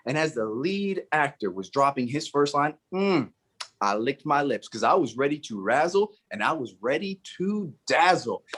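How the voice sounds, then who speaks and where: A man with a somewhat high, husky voice tells a story on stage. He swings his pitch widely and plays it theatrically for a speaking-club audience. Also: very animated, normal speed, a bit bright. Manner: theatrical, acts out the other people in the story. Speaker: Toastmasters speaker. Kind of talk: dramatic storytelling speech.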